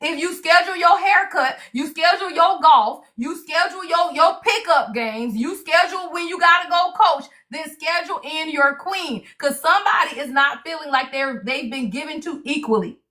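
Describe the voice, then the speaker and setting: A woman giving a livestream tarot reading, lively and salty, cursing freely and throwing in "y'all.". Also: sits high, normal speed, hardly any pauses. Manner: animated, salty, cusses freely, keeps saying y'all. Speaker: tarot reader.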